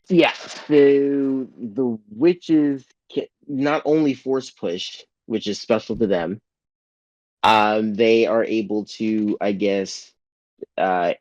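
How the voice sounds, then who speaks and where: A lower-pitched man talks loosely through a TV episode, stumbling over restarts and filling gaps with "like." He pops his voice up high whenever he quotes someone. The sound is dry and a little dull, as on a home podcast mic. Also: no room sound. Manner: rambling, full of "like" and restarts, acts out quotes in a raised voice. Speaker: podcast co-host. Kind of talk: casual chat recapping a TV episode.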